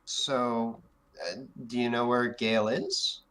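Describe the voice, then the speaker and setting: A man's voice: medium pitch, fairly even intonation, slow, fairly bright tone, a little hiss or hum, voice pushed up. A man voicing a guarded young woman in a tabletop game, answering in an offhand, evasive way.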